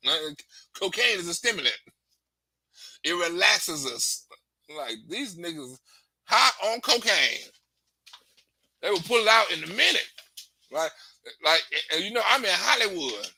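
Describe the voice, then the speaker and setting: A man's voice: high voice, very animated, a little slow, pauses often, pushed and bright, husky. A man telling loose, rambling comic stories in a casual stand-up manner, often laughing and acting out the voices of the people he quotes. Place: Hollywood.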